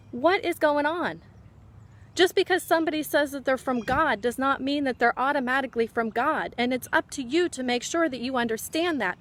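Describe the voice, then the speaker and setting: Woman preaching hard at fellow christians, high voice, fired up and scolding, lots of "were you asleep" type questions. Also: a bit bright. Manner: fervent, scolding, repeats rhetorical questions. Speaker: Christian speaker. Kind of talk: impassioned exhortation to Christians.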